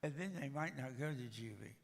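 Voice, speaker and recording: A man's voice: medium pitch, expressive, a little fast, vocal fry, in a large hall. An older man giving a storytelling talk at a church, with a dry, joking manner. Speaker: guest speaker.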